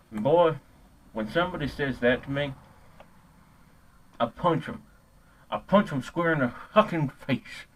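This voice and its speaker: A man's voice: mid-range voice, poor audio. A man playing a hot-headed, ignorant ranter. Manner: profane, rambling, stumbling over his own words. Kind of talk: comedic character monologue.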